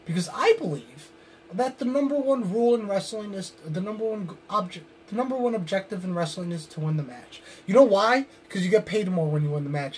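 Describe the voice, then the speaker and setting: A man with a slightly high voice cuts a drawn-out wrestling promo in the voice of a pro wrestler. He broods with intensity and now and then erupts into loud shouts. Underneath the bluster he sounds tired and drained. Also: a little hiss or hum.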